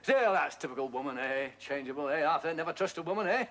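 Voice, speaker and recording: A sly, mocking detective leans into every question with a lilting, sing-song delivery, his voice riding fairly high and swooping up and down. He needles the suspect, chuckling and taunting as he presses for a confession. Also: expressive, fast talker, a bit bright. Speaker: police detective. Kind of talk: broadcast drama acting.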